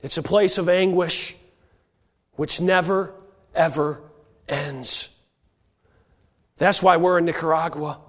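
A man's voice: high-pitched, unhurried, pauses often, big-room sound. A man with a cold, preaching an earnest missionary sermon with frequent hesitations and rising calls to action. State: has a cold.

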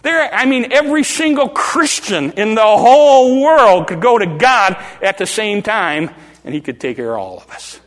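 An older man preaching a sermon, dramatic and animated, acting out voices from the story. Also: high-pitched, moderate pace, big-room sound. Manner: dramatic, acts out the crowd and beggar in rising calls.

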